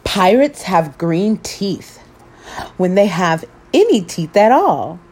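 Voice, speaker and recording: A woman hosting story time, reading a children's picture book aloud with expressive, animated delivery. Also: medium pitch, slow pace, slightly rough.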